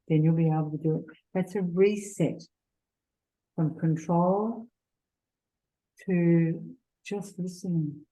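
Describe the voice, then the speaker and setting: A middle-aged woman giving a gentle, earnest faith seminar talk, sharing personal stories. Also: deep voice, poor audio. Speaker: seminar speaker.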